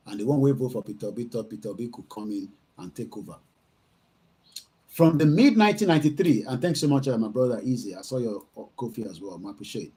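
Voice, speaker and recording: A man's voice: mid-range voice, dark tone, breathy edge. A middle-aged man with a Nigerian accent hosting a casual livestream from home, rambling and slipping between English, Yoruba and Pidgin. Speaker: livestream host.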